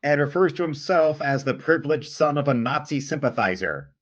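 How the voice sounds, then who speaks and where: A man's voice: a little high, animated, fairly quick, a bit bright, muffled recording, slight background noise. A man hosting a live stream, giving blunt, sardonic commentary. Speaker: streamer host.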